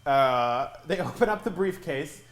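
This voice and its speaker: A man's voice: a little high, lively intonation, a little slow, reverberant, faint music behind. A man running a tabletop game as game master, playful and chatty, laughing often.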